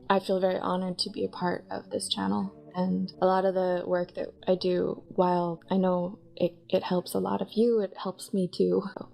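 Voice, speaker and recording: A woman speaking gently and sincerely, thanking listeners. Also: fairly low pitch, vocal fry.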